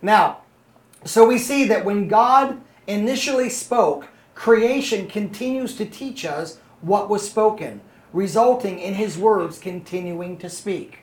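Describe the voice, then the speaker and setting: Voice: medium pitch, slow pace. Conversational Bible study teacher in an echoey room. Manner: conversational, often checks in with "okay?" and "are you following?". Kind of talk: Bible study lesson to a small group.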